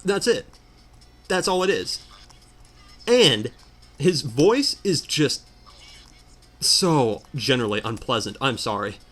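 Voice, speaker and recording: A man's voice: medium pitch, sing-song, takes it slowly, long pauses, fairly bright tone, faint music behind. A man ranting in exasperated commentary while playing a video game. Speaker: let's player. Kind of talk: ranting commentary over gameplay.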